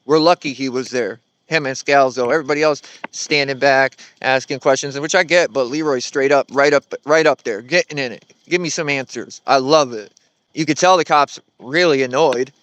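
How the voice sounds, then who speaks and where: A man's voice: mid-range voice, normal speed, a bit bright, clear, resonant tone, no room sound. A man giving blunt, sarcastic commentary on a video clip.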